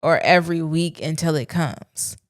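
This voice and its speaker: A woman with a low, smooth, clear voice hosts her own podcast. She talks candidly and casually, with slang. The sound is dry and close to the mic. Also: normal speed, no echo. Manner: candid, conversational, speaks her mind with slang. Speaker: podcast host. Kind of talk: solo reflective podcast monologue.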